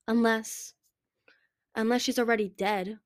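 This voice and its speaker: A woman voicing a brooding young male dragon with dark magic, speaking earnestly and pleadingly. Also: fairly high pitch, fairly even intonation, a little slow, no echo, clean studio sound, natural voice.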